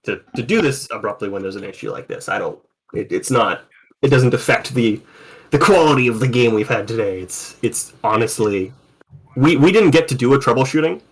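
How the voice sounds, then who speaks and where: A man with a mid-pitched voice runs a tabletop game in easy, casual chat. He rambles and restarts his sentences often, dropping the odd swear word. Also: expressive, a little fast, breathy edge. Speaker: game master.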